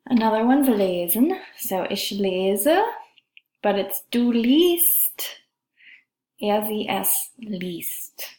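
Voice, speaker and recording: A woman's voice: mid-range voice, lively intonation, dark tone. A woman teaching a German grammar lesson, carefully drawing out each example word. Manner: slow, careful, drawn-out pronunciation of examples. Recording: echoey room.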